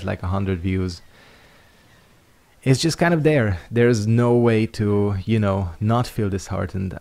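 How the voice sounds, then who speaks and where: A man's voice: fairly low pitch, creaky, darkish tone. A young man casually talking over his gameplay, rambling and reflective with lots of fillers. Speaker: YouTuber.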